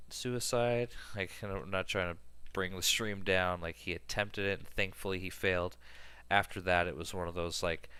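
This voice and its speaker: A man's voice: low voice, sharp tone, clean tone, dry recording. A man in his thirties streaming a game, chatting casually in a rambling way full of fillers. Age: 30s. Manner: rambling, filler-heavy storytelling. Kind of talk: casual gaming stream chat.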